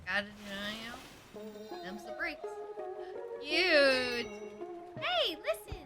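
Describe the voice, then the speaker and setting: A young adult woman streaming a video game, chatting casually to herself and her viewers, excitable and quick to swear. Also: high voice. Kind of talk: casual gameplay commentary. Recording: game music playing behind.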